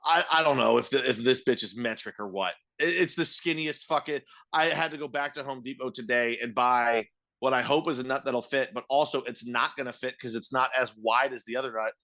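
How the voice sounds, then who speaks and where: A man's voice: mid-range voice, brisk, pushed and bright. A middle-aged man on a casual podcast, telling a work story as a profane, ranting storyteller. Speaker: podcast co-host, restaurant manager.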